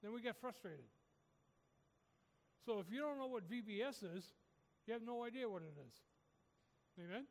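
A man's voice: high voice, expressive, moderate pace, long pauses, in a large hall. A man preaching a sermon, urging his listeners with repeated, rising calls. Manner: repetitive, rising exhortation.

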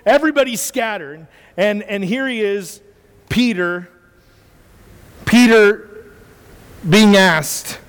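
Sex: man. Role: preacher. Style: animated sermon storytelling with frequent restarts. Pitch: high for a man. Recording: long hall reverb. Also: slow, long pauses, smooth.

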